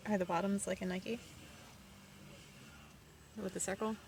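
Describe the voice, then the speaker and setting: A woman at mid pitch chips in from off camera with short, teasing one-liners. Her voice has a gravelly, fry-laden edge, with a faint noise underneath. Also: flat delivery, a little slow, a little mellow. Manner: playful, short teasing remarks. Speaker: off-camera companion chiming in. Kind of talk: casual banter.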